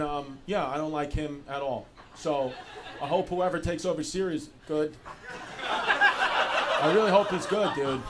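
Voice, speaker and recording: Young guy comic riffing with the crowd, kinda high voice, cusses a lot, noisy club mic. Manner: loose, profane, laughing riffs. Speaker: stand-up comedian. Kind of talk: stand-up crowd work. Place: comedy club stage. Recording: noisy live club recording.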